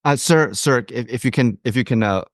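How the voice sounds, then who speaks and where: A man voicing a bumbling TV field reporter, halting and stammering. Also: mid-range voice, dry recording, studio quality, lightly acted. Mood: earnest. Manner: halting, stammering with many uhs. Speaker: podcast co-host. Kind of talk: improvised comedy sketch.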